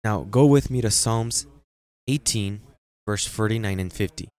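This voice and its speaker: A man preaching a sermon, repeating phrases for emphasis and reading scripture slowly. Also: fairly low pitch, a little mellow. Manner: reads scripture slowly and deliberately. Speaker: pastor.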